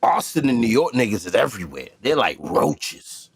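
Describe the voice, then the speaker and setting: Lively, emphatic male podcast host. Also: mid-range voice, normal speed, breathy edge, no echo. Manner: emphatic, with repetition, profane. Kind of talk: casual podcast chat.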